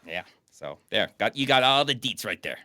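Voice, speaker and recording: A young man riffs on a terrible film with mocking sarcasm. His pitch bounces all over, his tone is bright, and the room sound is dry and close. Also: very animated, normal speed, no echo. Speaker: co-host reviewing a bad movie. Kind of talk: casual comedic commentary.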